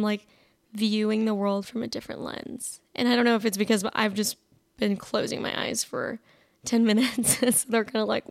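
A woman's voice: fairly high pitch, vocal fry. A young woman hosting a solo podcast, talking casually and rambling with lots of fillers and restarts. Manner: rambling, many fillers and self-interruptions. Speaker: podcast host.

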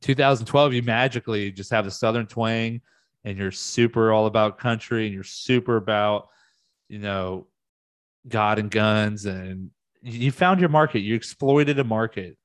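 A man's voice: on the low side, normal speed, dry recording, clean studio sound. A man ranting on a vlog as a music fan, heated and profane, his voice jumping up in sudden outbursts. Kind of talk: casual rant.

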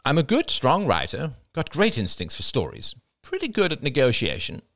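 A man's voice: medium pitch, wildly swooping pitch, moderate pace, a bit bright, no echo, studio quality, pitched above the performer's own voice. A man doing a brash, snappish ex-reporter woman. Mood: rueful. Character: proud ailing middle-aged woman, former famous reporter.

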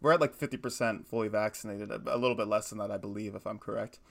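A man's voice: lowish voice, fairly even intonation, vocal fry, fairly bright tone. A young man in his twenties co-hosting a casual podcast, telling stories in a rambling way and correcting himself often. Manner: fast, rambling, self-correcting storyteller. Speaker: podcast co-host. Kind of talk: casual chat.

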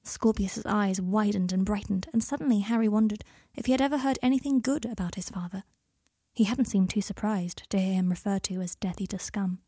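Woman reading a story, breathy voice. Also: mid-range voice, brisk, dark tone, dry recording, studio quality. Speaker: narrator. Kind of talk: audiobook reading.

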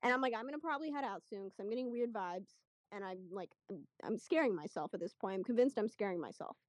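A young woman telling a story in casual chat, chatty and animated, acting out what people said. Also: medium pitch, fast talker, no echo. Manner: chatty, animated retelling with quoted voices. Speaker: guest storyteller.

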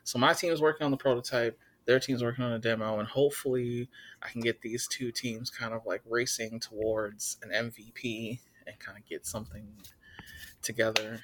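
A man's voice: medium pitch, little pitch movement, moderate pace, fairly bright tone. A man co-hosting a casual podcast, easygoing and teasing. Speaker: podcast co-host.

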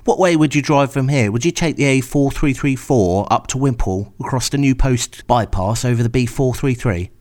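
A man's voice: mid-range voice, normal speed, hardly any pauses, darkish tone, pitched above the performer's own voice, close to an everyday voice. A man voicing a tired, road-obsessed male recovery truck driver who insists on listing routes. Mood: insistent. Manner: insistent, rattles off road numbers.

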